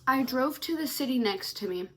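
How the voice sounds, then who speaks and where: A young woman with a high, bright voice tells a story to her camera, tearful and snotty from crying. She rambles with plenty of likes and ums and sounds shaken. Recorded at home on a simple camera mic. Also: expressive, normal speed, a little hiss or hum. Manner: shaken, rambling, many fillers. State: tearful, sniffly. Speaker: vlogger. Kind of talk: emotional storytime vlog.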